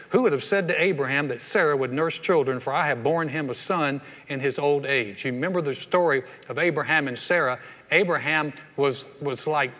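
A man's voice: a little high, fairly bright tone, in a large hall. An older man, a pastor preaching a sermon in a folksy, conversational way with playful asides. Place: church hall.

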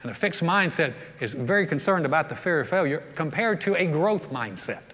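Folksy pastor, high and bright, sermon in a big reverberant church. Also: male voice, expressive, a little fast. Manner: storytelling, jovial, folksy. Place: large church hall. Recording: long reverb of a large church hall.

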